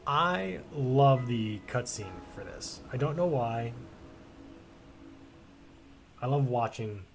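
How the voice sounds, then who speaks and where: A man's voice: medium pitch, animated, measured pace, vocal fry, faint music behind. A man streaming a video game, chatting casually and bluntly with rambling asides and free swearing. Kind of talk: casual let's-play commentary.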